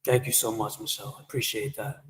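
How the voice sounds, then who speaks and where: A man's voice: on the low side, flat delivery, quick pace. Rambling joking man with echo effect. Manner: rambling, joking, talks back to chat. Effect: shower-like echo effect. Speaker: livestreamer. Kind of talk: casual livestream chat with viewers. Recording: echoey reverb effect on voice.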